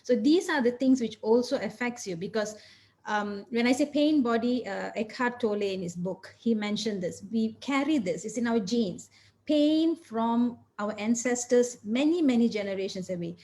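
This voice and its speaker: A woman's voice: on the high side, expressive, normal speed, mellow. A woman physician and coach answering interview questions, explaining in an earnest, step-by-step way.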